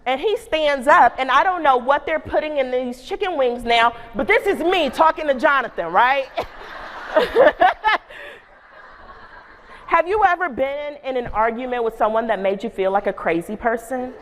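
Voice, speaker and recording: Animated woman telling a story in a reverberant hall. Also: high voice, measured pace, slight background noise. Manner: animated, call-and-response asides. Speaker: keynote speaker and school principal. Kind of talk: humorous storytelling keynote. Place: large conference hall. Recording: long reverb of a conference hall.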